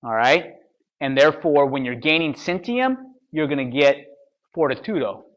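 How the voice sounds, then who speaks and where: A man with a slightly high, fairly bright voice and lively intonation speaks at normal speed while coaching real estate agents at a motivational seminar. Punchy and blunt, he keeps checking in with "all right?" and "okay?" and mocks excuses by acting out excuse-makers in mocking voices.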